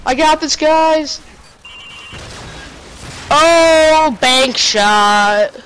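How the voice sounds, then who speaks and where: A woman's voice: high voice, very slow, a bit bright, low-quality recording. Woman doing sarcastic let's play chat over a shooter, faint gunfire noise behind. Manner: sarcastic, jokey, talks to game characters. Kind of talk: casual gameplay commentary.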